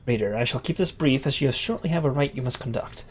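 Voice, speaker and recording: A man reading a game aloud, voicing a calm, courteous male minstrel in a soft, formal way. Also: mid-range voice, quick pace, natural voice.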